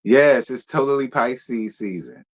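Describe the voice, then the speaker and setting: Sassy, animated male livestream host. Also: mid-range voice, unhurried. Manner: sassy, animated, talks straight to his viewers. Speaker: live show host. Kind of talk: casual live-stream chat.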